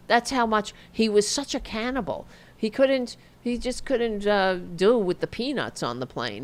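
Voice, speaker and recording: A woman hosting a political talk stream, ranting with sarcasm and profanity and reading online comments aloud mockingly. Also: medium pitch. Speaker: host.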